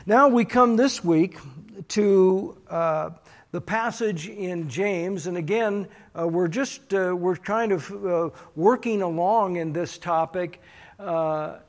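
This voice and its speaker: Slow, halting high-voiced man preaching. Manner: slow, halting, many fillers. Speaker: pastor. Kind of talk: sermon recap.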